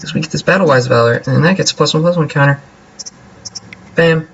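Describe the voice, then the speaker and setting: A young man casually commentating his own card game as he plays, joking and thinking out loud. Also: fairly high pitch, fast, gravelly, dull audio, slight background noise. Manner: playful, jokey, talks to himself while playing. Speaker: gameplay commentator.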